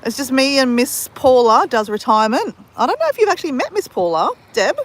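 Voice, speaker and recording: An Australian woman talks into her phone on an open beach, greeting live viewers by name and laughing along with them. Her voice sits a little high and swoops around with lots of bounce. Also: very animated, brisk. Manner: chatty, addresses viewers by name, laughs often. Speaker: live-stream host. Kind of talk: casual live-stream chat with viewers. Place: outdoors at a beach at sunrise. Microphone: handheld phone.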